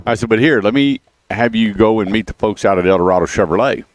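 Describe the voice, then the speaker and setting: A man's voice: lowish voice, quick pace, no room sound. A man hosting a radio show, chatting casually and telling stories between plugs. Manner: chatty storyteller, repeats the phone number. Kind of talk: casual radio chat with car dealer plugs. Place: radio studio.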